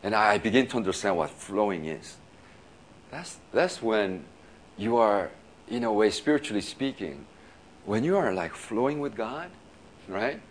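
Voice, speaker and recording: A man with a fairly low voice preaches like he is chatting with friends, laughing easily and circling back over his words. A soft rumble sits faintly under the recording. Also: lively intonation, a little slow, long pauses. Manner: casual, laughing often, many restarts and "you know". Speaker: pastor. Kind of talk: sermon storytelling.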